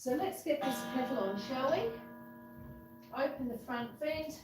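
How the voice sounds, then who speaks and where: Unhurried, chatty homesteader woman, fairly high. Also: reverberant, over music, low-quality recording. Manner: chatty and homely, talking viewers through each step. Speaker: homesteader hosting a cooking stream. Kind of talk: casual live-stream chat while cooking. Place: home kitchen with a wood stove.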